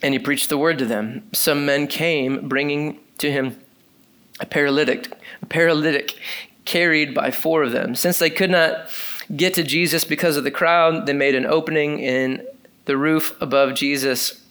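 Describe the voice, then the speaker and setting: This man delivers a sermon in a lively, conversational style, reading from scripture and addressing the congregation with plenty of casual fillers. His voice is slightly high and clean in tone, moving at a normal speed.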